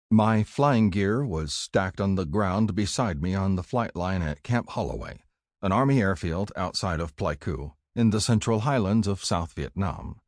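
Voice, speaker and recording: An older man from California reading his own memoir aloud in a measured, plain storytelling manner. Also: sits low, dry recording, studio quality. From California, USA. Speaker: author narrating his memoir. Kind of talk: audiobook memoir narration.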